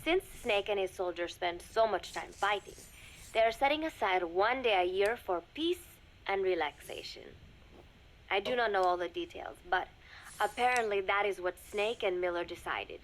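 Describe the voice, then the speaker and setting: An actress voicing a gentle, earnest young girl spy on a game cassette tape, speaking softly and formally without contractions. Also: medium pitch, animated, moderate pace, a little hiss or hum, close to an everyday voice, poor audio. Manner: soft, formal, polite speech without contractions. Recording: game audio with music behind.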